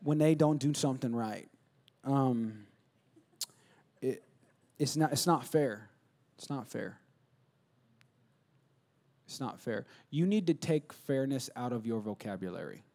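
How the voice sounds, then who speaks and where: A male pastor preaching a sermon, swinging from loud, emphatic bursts to low, quiet asides and acting out conversations with himself. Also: lively intonation, takes it slowly, pauses often. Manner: acts out conversations, asking and answering himself.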